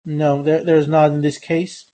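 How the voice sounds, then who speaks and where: A man's voice: fairly high pitch, level tone, measured pace, mellow, a little hiss or hum. A man teaching English phonetics in a lecture, speaking with many hesitations, fillers and restarts. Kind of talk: online lecture.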